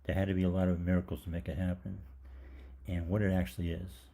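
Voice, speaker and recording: A man's voice: deep voice, flat delivery, quick pace, creaky, mellow. An older man, a holistic gastroenterologist, telling a rambling story in a live Q&A, with many fillers. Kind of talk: live Q&A monologue.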